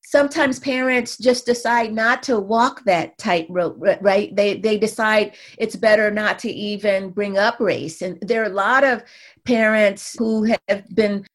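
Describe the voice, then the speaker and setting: A woman's voice: medium pitch, measured pace. A woman researcher and mother, a guest in an interview, explaining at length and often checking in with "right?" and "you know".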